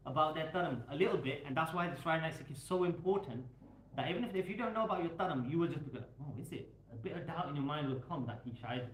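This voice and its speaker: Man, casual storyteller who rambles and fills with "um", echoey room, faint hiss. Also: fairly high pitch. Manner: rambling, storytelling, many fillers. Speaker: speaker at a Sikh talk evening. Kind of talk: casual talk, mixing in Punjabi.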